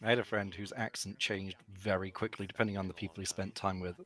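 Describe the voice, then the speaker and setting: A man's voice: low voice, level tone, fast, a bit bright. An Englishman chatting and joking dryly with friends while they play a co-op game. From England. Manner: dry, joking banter. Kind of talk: casual chat over a co-op game.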